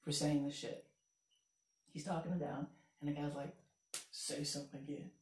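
A man's voice: a little high, little pitch movement, moderate pace, darkish tone, slight background noise. A man casually telling a long stand-up story, rambling and profane, with one stock phrase coming back again and again. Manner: rambling, profane, repeats "the next thing you know". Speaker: comedian and podcast guest. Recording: roomy, distant mic.

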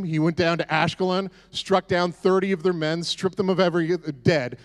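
A man's voice: a little high, fairly even intonation, a little slow, few pauses. A man preaching a casual, conversational sermon with sarcastic, joking asides. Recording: echoey hall reverb.

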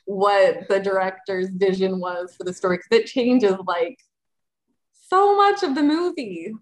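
A woman's voice: medium pitch, lively intonation, unhurried, poor audio. A woman on a casual film podcast, earnestly explaining what she looked up. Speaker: podcast co-host. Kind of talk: casual chat.

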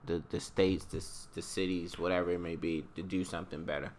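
A man's voice: low voice, fairly even intonation, a little fast, darkish tone. A man co-hosting a podcast, talking casually and emphatically with strong opinions. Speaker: podcast co-host. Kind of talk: casual chat.

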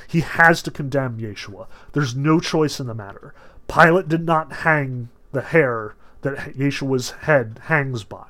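A man lecturing on a novel, emphatic and animated, with sudden surges of stress and casual asides. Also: fairly high pitch. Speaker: literature lecturer.

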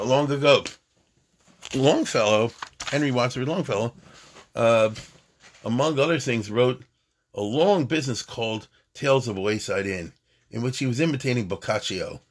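A man's voice: medium pitch, slight background noise. A man teaching Talmud in a chatty, digressive lecture style, often restarting his sentences.

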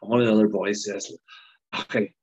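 A man's voice: on the low side, flat delivery, brisk, a little mellow, breathy edge. Northern Irish man, rambling storyteller. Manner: rambling anecdotes with frequent laughs and restarts. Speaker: former footballer guest. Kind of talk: casual storytelling chat. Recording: dull lo-fi sound.

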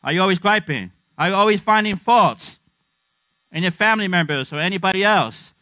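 Middle-aged guy preaching, bright voice, kinda high, jokes around, dry dull sound w/ faint hum. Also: animated, a little fast, no echo. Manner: humorous, conversational, asks the congregation questions. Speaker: pastor. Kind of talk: sermon. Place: church.

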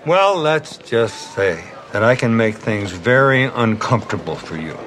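Slow-talking intimidating cop dad, tv clip, noisy background. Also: male voice, mid-range voice, lively intonation, fairly bright tone. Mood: threatening. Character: stern police detective father, middle-aged, menacing. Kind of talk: TV drama acting.

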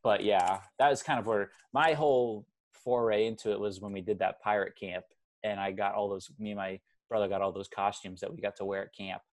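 Rambling young man, low voice. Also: fairly even intonation, brisk. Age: 20s. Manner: rambling, self-correcting, chatty. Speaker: podcast co-host. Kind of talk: casual movie podcast chat.

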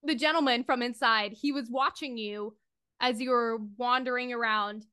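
A bright-voiced woman game master narrates a tabletop horror game, often breaking into giggles. Her voice sits fairly high and rings sharp and clear. She moves between playful teasing and vivid scene-setting. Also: moderate pace. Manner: animated, giggly storytelling.

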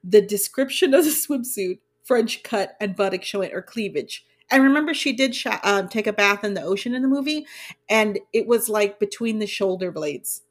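A woman's voice: mid-range voice, animated, moderate pace. A woman co-hosting a podcast, ranting in casual chat with an exasperated tone. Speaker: podcast co-host.

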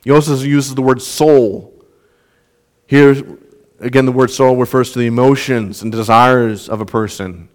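A man's voice: mid-range voice, fairly even intonation, a little slow. A young man preaching a sermon in an earnest way, often repeating words as he restarts a thought. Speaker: pastor.

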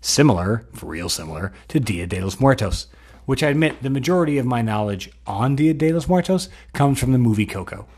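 A man's voice: mid-range voice, a little mellow, breathy edge. A man giving a rambling comedic monologue, joking at his own expense and filling it with asides. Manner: rambling, self-deprecating, many fillers and restarts. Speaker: comedic host.

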